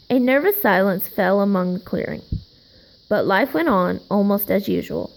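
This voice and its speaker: A woman reading a children's picture book aloud, slowly and gently, with a little acting of the characters. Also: medium pitch, animated, vocal fry, low-quality recording. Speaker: storybook reader.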